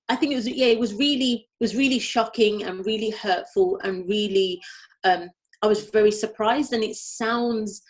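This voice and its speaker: A woman from Birmingham with a light Brummie accent, a guest speaking candidly in an interview, reflective, often restarting and repeating her phrases. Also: medium pitch. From Birmingham, England.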